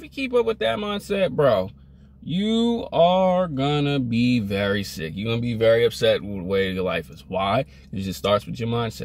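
A man's voice: sits high, a bit bright. Emphatic young man ranting motivation. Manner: emphatic, repetitive, scolding. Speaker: vlogger. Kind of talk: motivational rant to camera.

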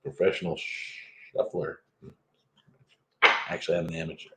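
A man's voice: a bass voice, flat delivery, moderate pace, fairly bright tone. A middle-aged man giving a live tarot reading for viewers, playful and joking between cards. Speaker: tarot reader. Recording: roomy echo.

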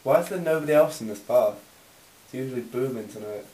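A man's voice: mid-range voice, quick pace, dark tone. Man as a baffled bar customer, hesitant and stammering, far from the camera mic. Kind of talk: amateur comedy sketch acting. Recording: roomy, distant camera mic, faint noise.

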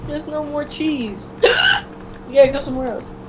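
A woman's voice: high-pitched, moderate pace. Teasing young woman with the hiccups. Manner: teasing, giggly, curt. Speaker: gamer. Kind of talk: casual gameplay chat. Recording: faint background noise.

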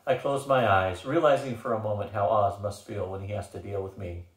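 A man narrating an audiobook in the first person, with an expressive, wry delivery. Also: on the low side, a little fast, distant mic. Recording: roomy echo.

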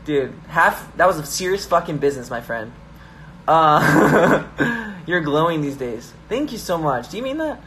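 A man's voice: a little high, very animated, normal speed, noisy background. A young man hosting a live stream from his phone, hyper and joking as he reads viewer comments aloud. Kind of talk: casual live-stream chat.

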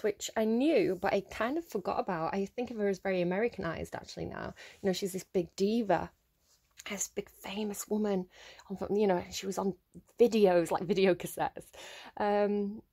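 A woman's voice: mid-range voice, darkish tone. A woman giving a casual solo tarot reading, thinking aloud with many fillers and restarts. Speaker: tarot reader.

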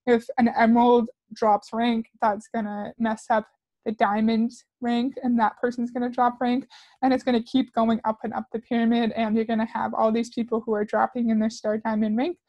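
A woman's voice: a little high, little pitch movement, moderate pace, a little mellow, no room sound, muffled recording. Sarcastic woman critic, dry close sound. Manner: sarcastic, skeptical. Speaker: commentator reacting to clips. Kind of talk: critical commentary.

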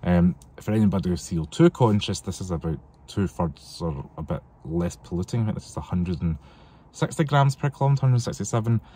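A man's voice: low-pitched, lively intonation, a little fast, warm tone. A man from the UK chatting casually and rambling on his car vlog, recorded outdoors on a windy, cold day. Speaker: car vlogger. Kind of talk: casual chat.

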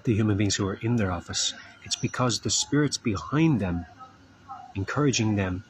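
A street preacher gives an informal, earnest sermon in a lowish voice, unhurried and stretching out his words. He sometimes acts out the voices of people he quotes, and there's slight background noise.

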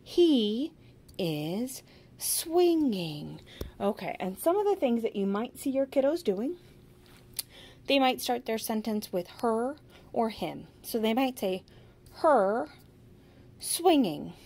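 A woman demonstrating a sentence-building activity for children, modeling each phrase slowly and with strong emphasis in an upbeat teaching manner. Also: on the high side, expressive, dark tone. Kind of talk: instructional demonstration.

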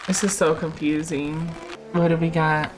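A woman's voice: low voice, moderate pace. A young woman reacting live to an anime episode, exclaiming and gasping as she watches. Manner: excitable, frequent gasps and exclamations. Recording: loud show soundtrack playing under her voice. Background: anime episode music and dialogue.

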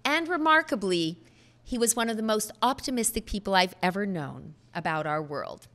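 A middle-aged woman delivering a prepared speech at a podium microphone, earnest and measured, with emphatic pauses. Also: mid-range voice, lively intonation, a bit bright. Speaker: speaker at a foundation event.

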